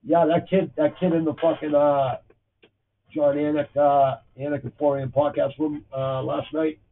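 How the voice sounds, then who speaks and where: A man's voice: on the high side, flat delivery, a little slow, distant mic. A man in his fifties with a Boston accent, hosting his podcast in a blunt, profane, rambling way. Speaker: podcast host. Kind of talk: casual livestream chat. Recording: tinny phone-like audio with faint noise.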